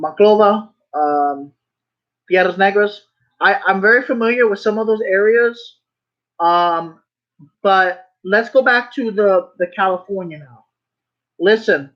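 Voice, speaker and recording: A vlogger in a loose, rambling rant, circling back to the same phrases with emphatic insistence and an occasional curse. The voice sits at a middling pitch. The recording has a slightly dull, muffled tone. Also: a bit bright. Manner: swears when worked up. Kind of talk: casual monologue rant.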